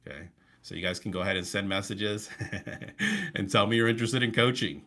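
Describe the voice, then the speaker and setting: Running a live video-call coaching session, a male real estate coach talks in a sharp tone. His energy is high, and he punctuates it with intentional pauses and changes of tempo.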